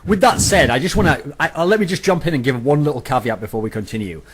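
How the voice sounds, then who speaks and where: A man's voice: mid-range voice, lively intonation, quick pace, breathy edge. Profane rambling british man. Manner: rambling, profane, mocking, puts on silly voices. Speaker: podcast host. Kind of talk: casual chat.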